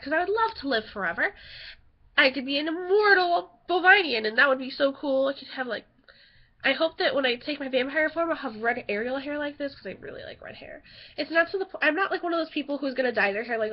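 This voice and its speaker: Young woman, high voice, chatty and sidetracked, home vlog, dull lo-fi sound. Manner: chatty, giggly, easily sidetracked. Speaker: vlogger. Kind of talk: casual rambling vlog.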